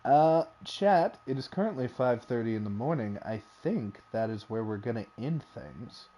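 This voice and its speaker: A man's voice: mid-range voice, expressive, moderate pace, mellow. A man hosting a casual game stream, joking around and swearing freely at a home desk mic. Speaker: streamer host.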